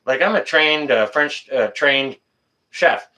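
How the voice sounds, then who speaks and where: A man talks loosely with his viewers on a live stream. He is blunt and jokey, and he swears without a second thought. His pitch swings around a lot, and his voice is bright and forceful. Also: expressive, takes it slowly. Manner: blunt, swears freely, chatty and joking. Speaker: channel host answering live chat. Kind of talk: casual live-stream chat.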